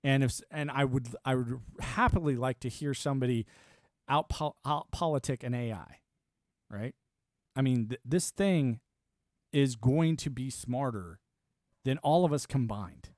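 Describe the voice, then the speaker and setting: A middle-aged man talks into a desk mic at home, and his voice sits at an ordinary middle pitch. He rants bluntly and profanely, rambling from aside to aside. The sound is dry and close, with no room echo. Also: measured pace, darkish tone. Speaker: streamer. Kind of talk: political rant on a livestream.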